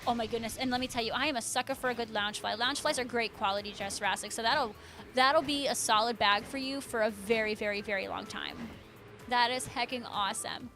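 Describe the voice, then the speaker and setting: Faint music plays behind a young woman whose fairly high, slightly bright voice moves at a fairly quick clip. She's a streamer reading chat, bubbly and effusive as she reads out viewer names and chats casually.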